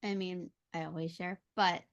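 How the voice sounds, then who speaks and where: A woman's voice: on the low side, steady tone, normal speed, dull audio. Heartfelt mother sharing on a call. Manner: heartfelt, emotional, chatty. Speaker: circle participant, mother. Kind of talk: casual sharing on a video call. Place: at home, her daughter's room.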